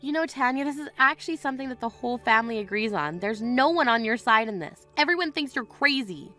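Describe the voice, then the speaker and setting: An indignant young bride , voiced by a woman, speaks in a high voice, firm and cutting. Faint music sits under her lines. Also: animated, fast, bright, forceful tone. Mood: cold firm. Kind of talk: voiced text-story drama.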